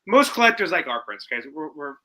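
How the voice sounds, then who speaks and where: A man who collects figures, talking in a casual, excitable and rambling way. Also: on the high side, fairly quick, rough recording. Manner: excitable, rambling, says "like" a lot. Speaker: collector co-host. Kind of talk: casual chat.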